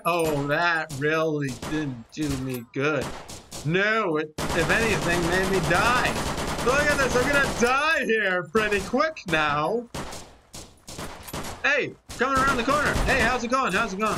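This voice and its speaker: A person in their twenties giving excited, rambling gameplay commentary, talking straight to viewers and poking fun at themselves. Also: mid-range voice, a little slow, noisy background. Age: 20s. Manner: rambling, animated, talks to viewers, self-mocking. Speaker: gaming commentator. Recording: loud game gunfire under the voice.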